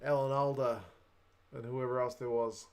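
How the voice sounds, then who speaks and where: A man's voice: medium pitch, level tone, moderate pace. Chatty New Zealand man hosting a stream. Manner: chatty, reads viewer comments aloud. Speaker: livestream host. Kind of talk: casual livestream chat.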